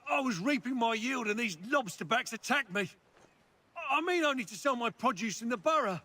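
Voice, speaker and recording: A desperate, pleading farmer. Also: male voice, very high voice, expressive, normal speed, sharp tone, exaggerated voice. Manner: pleading, urgent.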